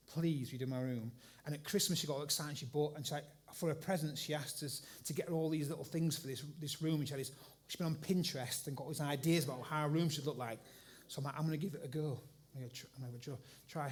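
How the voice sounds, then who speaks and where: A middle-aged man, preaching in a church and telling a rambling, animated story full of restarts. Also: fairly high pitch. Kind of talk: sermon story. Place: church hall with congregation.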